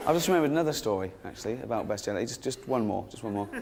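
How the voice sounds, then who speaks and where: Rambling stand-up comic. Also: male voice, medium pitch, animated, very fast, gravelly, long reverb tail, very noisy. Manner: rambling, laughs at his own stories, swears. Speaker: stand-up comedian. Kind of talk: stand-up storytelling.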